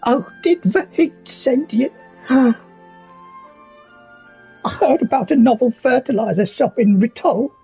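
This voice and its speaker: A man voicing an aged, frail male village elder in a squeaky, quavering voice. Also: animated, slow pace, vocal fry, pauses often, warm tone, slightly rough, soft background music, exaggerated voice, rough recording. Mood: hopeful, worried. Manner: quavering, wheezy old-man voice.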